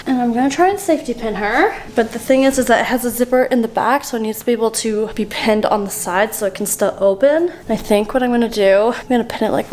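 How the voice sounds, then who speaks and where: A woman's voice: fairly high pitch, slight background noise. Bubbly young woman chatting while sewing. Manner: chatty, bubbly and self-talking while crafting. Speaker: sewing vlogger. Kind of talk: casual DIY vlog narration.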